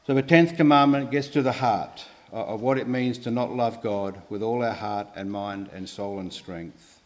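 Earnest man preaching a sermon. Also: mid-range voice. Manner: earnest, measured, with restarts and emphatic rises.

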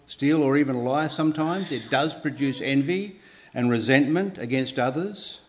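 Earnest man preaching a sermon. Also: medium pitch. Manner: earnest, measured, with restarts and emphatic rises.

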